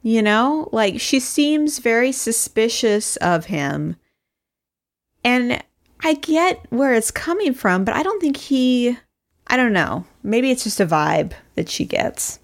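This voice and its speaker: A woman's voice: a little high, sing-song, slow pace. A woman co-hosting a podcast, recapping a reality show in casual chat, laughing often and quoting people in put-on voices. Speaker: podcast co-host.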